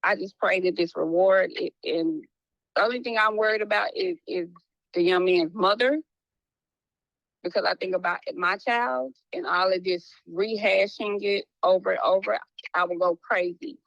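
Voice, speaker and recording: A woman's voice: medium pitch, moderate pace, gravelly, dry recording. A woman speaks in a casual, apologetic tone, stopping and restarting as she explains herself. Her voice sits in an ordinary middle range. The sound is dry and a bit muffled, like a lo-fi call. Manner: animated, restarts often, slips into a playful hood voice when quoting. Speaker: private investigator guest.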